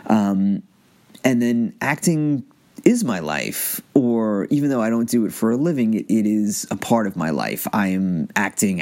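A man talking casually to the camera about an acting method, pausing and restarting often. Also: low-pitched. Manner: halting, many restarts and fillers. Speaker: amateur actor reviewing an acting book.

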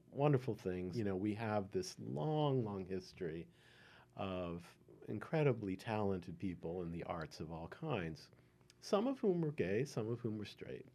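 Older man reminiscing, low and lively. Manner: unhurried, many ums, chuckling. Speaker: oral history interviewee. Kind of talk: reminiscing storytelling.

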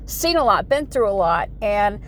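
A woman's voice: mid-range voice, very animated, moderate pace, slight background noise. A woman in her forties from the United States, talking in a rambling, folksy vlog monologue full of "you know" asides. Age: 40s. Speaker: vlogger.

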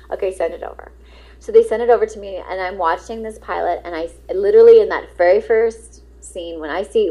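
A middle-aged woman, a guest actress, telling lively anecdotes in an interview and acting out the dialogue. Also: on the low side, rough recording. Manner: lively, acts out quoted dialogue, laughs often.

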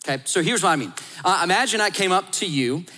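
A man in his thirties delivers a sermon with animated storytelling, slipping into acted-out voices. His voice sits high and sounds bright and forceful. It carries the long reverb of a large hall. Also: quick pace. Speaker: pastor.

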